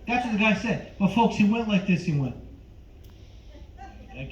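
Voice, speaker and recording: An older man performing a stand-up comedy set, animated and teasing the crowd from a club stage on a handheld mic. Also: sits high, normal speed, slight background noise. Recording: echoey club room, slightly dull.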